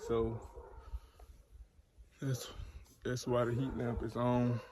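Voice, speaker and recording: A man with a drawl speaks slowly and soothingly while narrating a farm vlog. He sits outdoors in a pig pen, filmed on a camera mic. Piglets squeal and pigs grunt loudly around him. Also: mid-range voice, level tone. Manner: slow, soothing, talks gently to piglets. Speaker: farm vlogger. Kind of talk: casual vlog narration while handling animals. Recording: noisy outdoor farm recording.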